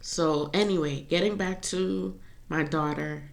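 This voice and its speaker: A woman's voice: low-pitched, steady tone, measured pace, gravelly. A woman talking in a personal vlog, rambling and confessional, laughing to keep from crying. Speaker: vlogger.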